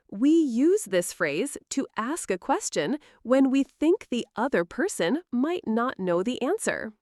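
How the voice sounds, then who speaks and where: Slow clear woman doing english drills, highish bouncy voice, dry close sound. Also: big pitch swings, darkish tone, dry recording. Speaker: English teacher. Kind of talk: scripted English lesson.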